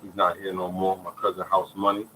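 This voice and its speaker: A man's voice: low voice, a little fast, slight background noise, poor audio. A man recounting his cancer treatment. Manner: animated storytelling, many repeated phrases, often asks "you hear me". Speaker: cancer survivor telling his story. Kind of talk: casual spoken testimony.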